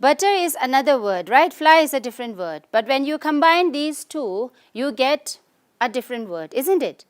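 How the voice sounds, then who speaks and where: Teacher, woman, Tibetan-accented English, fairly high voice, keeps checking in with "okay?" and "right?". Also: sing-song. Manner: slows down to spell out example words. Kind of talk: online classroom lesson.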